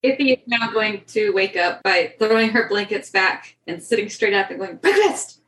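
A woman's voice: mid-range voice, normal speed, a bit bright. Woman, tabletop player, chatty and upbeat, echoey room. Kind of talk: tabletop role-play.

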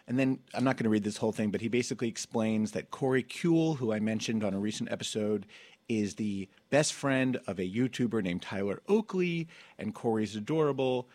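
A man's voice: mid-range voice, expressive, brisk, a little mellow, no echo. A man hosting a comedy podcast in a studio, campy and playful, laughing often as he reads listener reviews. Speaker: podcast host. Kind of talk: casual comedic chat.

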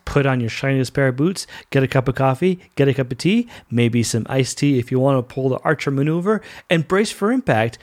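A young man hosting a casual solo podcast, talking in a chatty, rambling way. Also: mid-range voice. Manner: chatty and rambling, with goofy put-on voices. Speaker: podcast host.

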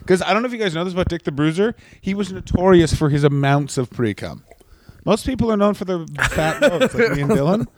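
A man co-hosting a comedy podcast, cutting in with deadpan, absurd and crude tangents. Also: high-pitched, quick pace, no room sound. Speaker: podcast co-host. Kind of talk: improvised comedy chat.

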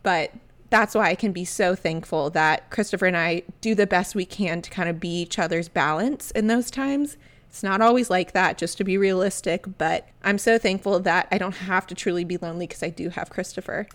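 A Southern American woman in her thirties hosts a solo podcast. She tells stories in a chatty, candid way, and her voice sits at an ordinary middle pitch for a woman. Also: a little fast. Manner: chatty, candid, animated storytelling. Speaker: podcast host. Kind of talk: casual solo podcast talk.

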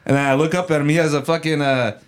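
A young man with a slightly high voice tells a story in casual chat. He swears constantly and throws himself into the quoted lines. His talk stays loose and unscripted. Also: fairly even intonation, quick pace, clear, resonant tone. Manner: profane storyteller acting out quotes loudly.

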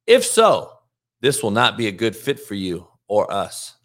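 A man's voice: on the low side, wildly swooping pitch, a little slow, a bit bright. A man hosting a show as a football coach, ranting bluntly and mockingly with frequent swearing. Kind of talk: casual profane rant.

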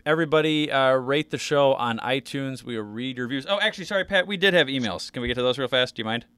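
A man's voice: mid-range voice, fast, bright, forceful tone, smooth, no echo. A man co-hosting a casual podcast, rambling through topics with lots of fillers and restarts. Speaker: podcast co-host.

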